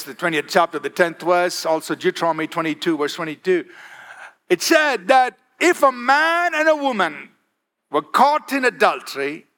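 A man's voice: sits high, bright, forceful tone. A man preaching a sermon, emphatic, asking the congregation for "Amen?" and varying his pace. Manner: emphatic, calls for "Amen?" and varies pace for effect.

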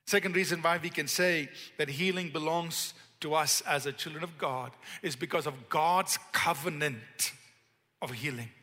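A man preaching a sermon, stressing key words slowly and leading the congregation in call-and-response. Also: medium pitch, pushed and bright. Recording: long hall reverb.

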